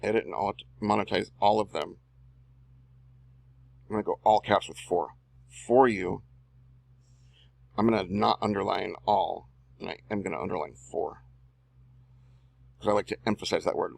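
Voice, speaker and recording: Low gravelly guy mumbling through a screen recording, dry close mic, half talking to himself. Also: fairly even intonation, normal speed, long pauses, no room sound. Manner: muttering and reading copy aloud as he types; self-talking, drawling slangy asides. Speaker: online marketer and video host. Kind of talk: casual screen-recorded tutorial.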